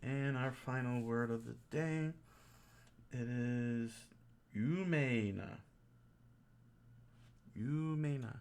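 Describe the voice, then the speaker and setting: A man's voice: medium pitch, extremely slow, long pauses, darkish tone, smooth. A man streaming his own Japanese study, reading words and meanings aloud, joking and correcting himself as he goes. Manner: jokey, thinking aloud, with self-corrections. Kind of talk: casual self-study stream.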